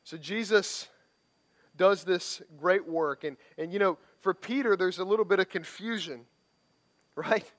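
Male pastor, high-pitched voice, easygoing preaching with frequent restarts. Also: unhurried, fairly bright tone. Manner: conversational, tag questions, repeated restarts. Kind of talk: sermon.

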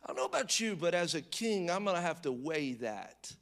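A man preaching a sermon, swinging between loud emphatic bursts and hushed, low reading of scripture, with conversational asides and restarts. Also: sing-song, fairly quick, vocal fry.

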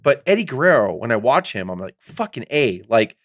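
A middle-aged man talks in loose, rambling podcast chat, often swearing as he gets worked up. His voice sits at an ordinary pitch and sounds dry and close, with no room around it. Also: fast, no room sound. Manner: rambling, excitable, heavy swearing. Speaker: podcast co-host. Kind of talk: casual chat.

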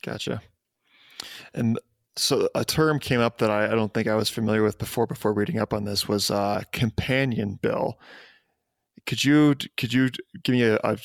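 A man hosting a casual podcast interview, his voice low and fairly flat. He speaks hesitantly with plenty of fillers, recorded dry and close. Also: moderate pace, vocal fry, no echo. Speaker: podcast host.

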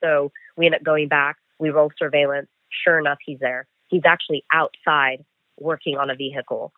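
Interviewed about a chase, this man, who works in bail enforcement, narrates with animation and voices the dialogue using "I'm like." He speaks at a moderate pace in a slightly high voice, over a tinny phone line that sounds dry.

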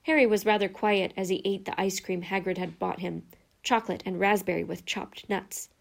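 A woman narrating a children's fantasy book with steady, measured reading. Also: mid-range voice, vocal fry. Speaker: audiobook narrator. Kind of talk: scripted narration.

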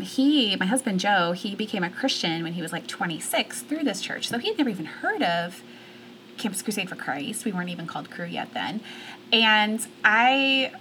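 Lively chatty woman, bright voice. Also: medium pitch, a little hiss or hum. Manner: animated, laughing storyteller with many fillers. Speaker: guest. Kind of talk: casual chat.

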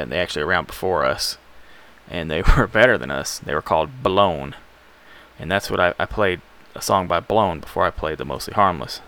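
A man's voice: sits low, a bit bright. A man from Alabama, hosting a music show in a rambling, laid-back, self-deprecating way. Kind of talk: casual radio show chat.

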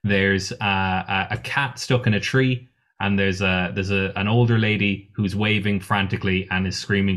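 A man's voice: deep voice, steady tone, moderate pace, a bit bright. Man running a tabletop game. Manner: casual, swearing, hesitant with fillers. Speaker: game master.

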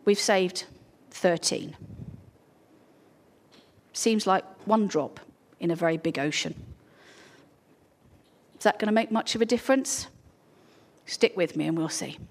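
A woman's voice: on the low side, a little slow, long pauses. A woman giving an informal, earnest talk to a church congregation, full of ums and restarts. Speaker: charity speaker at a church.

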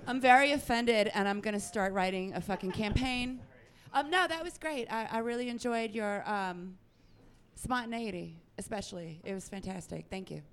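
A woman judging a comedian, deadpan and mock-offended before praising him. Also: medium pitch, normal speed. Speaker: comedy judge. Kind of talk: deadpan joking critique.

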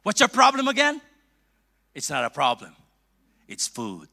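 Filipino man in middle age preaching, high and lively, playful with quick asides. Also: vocal fry, a little hiss or hum. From Philippines. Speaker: bishop preaching. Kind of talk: sermon.

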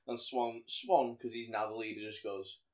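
A man's voice: medium pitch, normal speed. A man co-hosting a podcast, casually retelling a film scene by scene and acting out the characters' lines in voices. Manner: animated storyteller, acts out quotes in voices. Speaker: podcast co-host. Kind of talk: casual chat recapping a film.

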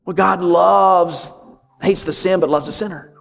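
A man's voice: high-pitched, steady tone, a little slow, creaky, faint music behind. Dynamic male preacher in echoing hall. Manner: dynamic preaching, swings from loud to hushed whispers. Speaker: pastor. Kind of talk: sermon.

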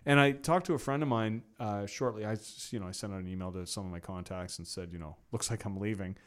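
A man's voice: lowish voice, fast. A middle-aged man as an interview guest, telling long stories in a rambling way, full of "you know" and restarts. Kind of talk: casual storytelling interview.

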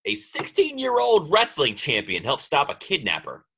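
A man's voice: on the high side, wildly swooping pitch, moderate pace, sharp tone, a little hiss or hum. A man co-hosting a casual podcast chat, rambling and trailing off mid-sentence. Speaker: podcast co-host.

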